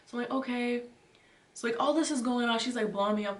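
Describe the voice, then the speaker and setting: A woman's voice: a little high, fast, distant mic. Young woman, casual storytime, filler-heavy chatter, roomy echo, voice set back from the mic. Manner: chatty, filler-heavy retelling with lots of "like" and "you know". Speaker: vlogger.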